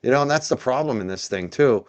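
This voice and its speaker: A man's voice: mid-range voice, animated, quick pace, no room sound. A man co-hosting a casual streaming chat, sardonic and laughing, explaining a topic in detail. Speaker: co-host. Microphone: streaming mic.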